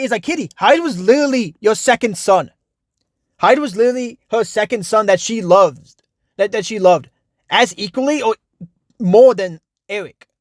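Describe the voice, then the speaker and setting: A man's voice: high-pitched, no room sound, clean studio sound. A young man giving a casual, frustrated, rambling review of a TV show, full of restarts and fillers.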